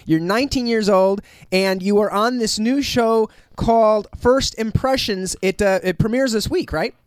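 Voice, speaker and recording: A male radio co-host in casual banter, excitable and playful, often stammering. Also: high-pitched, moderate pace, clean tone, no echo, studio quality. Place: radio studio.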